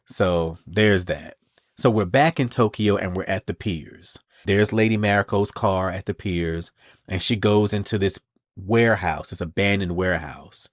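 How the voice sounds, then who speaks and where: An animated male podcast host recaps a comic book in a casual, swearing, playful way. His voice sits on the low side. The sound is close-miked and dry. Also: measured pace, no room sound.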